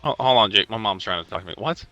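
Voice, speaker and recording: Man as game master, bright voice, lively pitch, laid-back deadpan replies. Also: muffled recording, faint music behind. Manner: laid-back, laughing, quick with short deadpan answers. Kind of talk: narrating a tabletop game.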